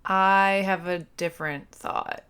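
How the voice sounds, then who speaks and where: A woman's voice: fairly low pitch, steady tone, slow, fairly bright tone, clean tone. A woman guest on a podcast, chatting casually and questioning the film's logic with disbelief. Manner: incredulous, questioning. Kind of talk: casual chat.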